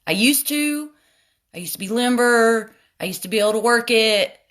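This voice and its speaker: With a fairly high, bright voice and lively intonation, this woman talks at a moderate pace. She's a makeup vlogger hosting a casual tutorial livestream at home, addressing her viewers as "y'all" and drifting into tangents full of laughter.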